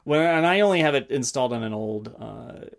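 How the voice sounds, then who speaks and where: Man, podcast co-host, gravelly voice, hesitant, lots of fillers. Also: mid-range voice, lively intonation, brisk. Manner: hesitant, trailing off, many fillers. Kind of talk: casual tech chat.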